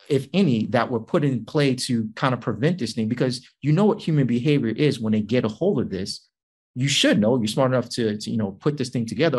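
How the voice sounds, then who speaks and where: A man's voice: mid-range voice, breathy edge. Hesitant musing male podcast host. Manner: musing, hesitant with many fillers. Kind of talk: casual tech chat.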